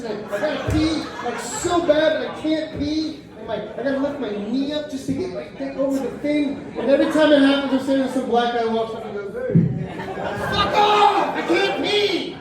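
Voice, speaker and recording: A middle-aged Chicago man performs a profane stand-up set in a comedy club, telling loose, rambling stories that suddenly break into shrill, high-pitched outbursts while he works the crowd. The echoey club sounds distant, with audience laughter in the background.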